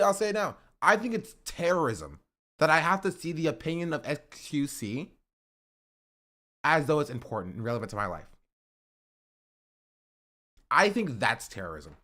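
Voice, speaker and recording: A man streaming live, chatting with his viewers and working up joking mock rants. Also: a bit bright. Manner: joking, ranting bits that build in volume and pitch. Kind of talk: casual live-stream chat.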